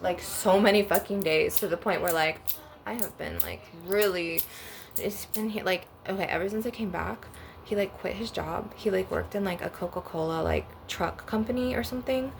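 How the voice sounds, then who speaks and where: Young woman, gravelly voice, blunt and profane, rambling storytime, faint background hiss. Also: mid-range voice, expressive, moderate pace. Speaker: spiritual vlogger. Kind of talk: casual storytime rant.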